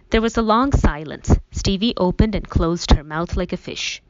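Woman reading a novel out loud, lowish voice, wry and chatty, dull dry sound. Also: normal speed, few pauses, no echo. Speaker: audiobook narrator. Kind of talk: first-person novel narration.

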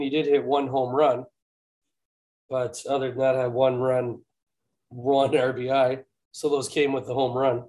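A man's voice: medium pitch, warm tone. A man co-hosting a casual podcast, reading off stat lines and ribbing his partner with offhand swearing. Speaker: podcast co-host.

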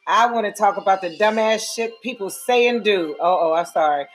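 A woman's voice: mid-range voice, brisk, faint music behind. A woman co-hosting a casual podcast, sassy and blunt, swearing freely as she rants. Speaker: podcast co-host.

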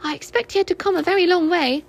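Woman doing a squeaky, timid little piglet. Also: fast talker, gravelly. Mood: anxious. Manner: high, fretful and breathless. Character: tiny timid male piglet, anxious. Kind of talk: storybook reading.

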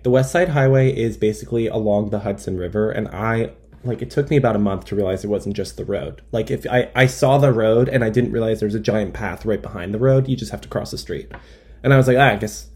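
A young comedian with a mellow, mid-range voice performs a stand-up style comic monologue. He rambles in a self-deprecating way, dropping in wry asides.

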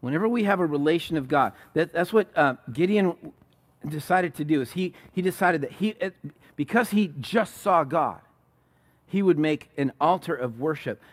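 Guy preaching, kinda high voice, jumps around telling the story, lots of restarts. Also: moderate pace. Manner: animated storytelling, many restarts, acted-out quotes. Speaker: pastor. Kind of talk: sermon.

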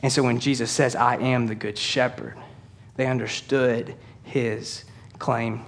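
A man preaching a sermon, speaking earnestly to his congregation and easing into slow, soft emphasis on key lines. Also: mid-range voice, level tone, gravelly, slight background noise. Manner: earnest preaching, addresses congregation as church and y'all. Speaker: pastor.

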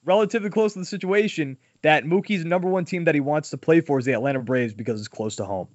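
A man's voice: on the high side, fast, dry recording. A man hosting a podcast in casual, opinionated sports chat, talking emphatically. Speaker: podcast host. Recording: dull lo-fi dry sound.

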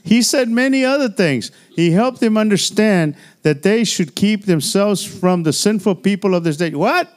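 An older man, a pastor, preaching an animated sermon in church, with chatty asides and laughs. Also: sits high, normal speed, few pauses.

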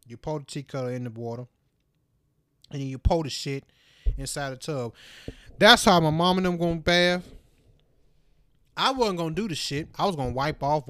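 A man's voice: medium pitch, no echo, clean studio sound. A man hosting his own podcast, rambling and swearing in a casual solo monologue, laughing often. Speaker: podcast host.

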